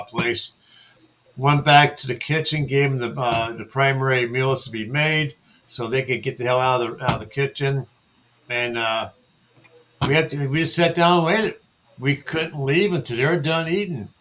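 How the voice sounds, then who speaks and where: Male talk-show storyteller, bright and forceful tone, meandering delivery with lots of uhs, occasional swearing. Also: mid-range voice. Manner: rambling anecdote with many fillers and swearing. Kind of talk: casual chat.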